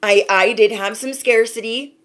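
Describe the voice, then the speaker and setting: A woman's voice: fairly high pitch, steady tone, normal speed, a bit bright. A woman, an intuitive card reader, giving a casual spiritual reading to her viewers, talking emphatically with a lot of repetition and some casual swearing.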